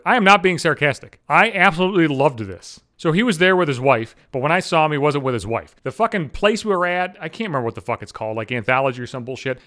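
A man in his forties rants alone on his podcast, cursing constantly and running himself down. His voice sits high for a man and swings widely in pitch, and he talks at a rapid clip. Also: fairly bright tone. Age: 40s. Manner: profane, rambling, self-deprecating. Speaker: podcast host. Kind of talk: solo comedic rant.

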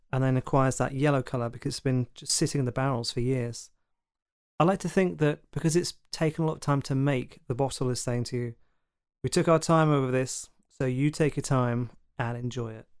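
Chatty London man, smooth dry voice. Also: medium pitch, a little mellow, no room sound. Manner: chatty, generalizing, with fillers and asides. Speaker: podcast host. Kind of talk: casual monologue.

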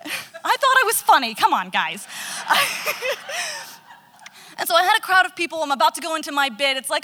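A young woman telling a funny personal story, animated and self-mocking, laughing at herself as she goes. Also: high voice, moderate pace, pauses often. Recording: long reverb.

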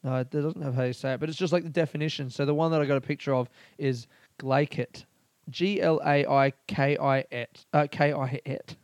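A man's voice: a little high, steady tone, a little fast, no echo. A man hosting a casual solo podcast, rambling and swearing freely as he talks. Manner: rambling, profane and laughing. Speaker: podcast host.

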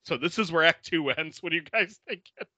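A podcast host recaps a film plot in a casual chat, laughing often and acting out the characters' lines. His voice is on the high side and sharp in tone, a little fast, with no echo.

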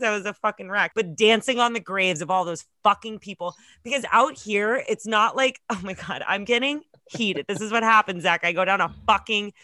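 A fired-up woman co-host on a casual podcast, swearing freely as she tells her story. Her voice is bright and forceful, recorded dry and close. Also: medium pitch, a little fast, hardly any pauses, dry recording. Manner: animated, swearing storyteller who gets heated.

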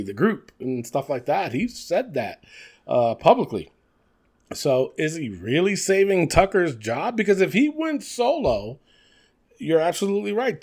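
Male podcast co-host, young, a little high-pitched, animated and chatty with frequent laughs. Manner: animated, laughs often, many fillers. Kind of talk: casual wrestling chat.

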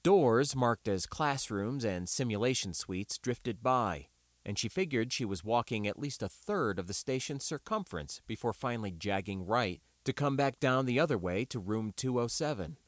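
A man narrating an audiobook with a wry, expressive reading. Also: medium pitch, moderate pace, dry recording, studio quality.

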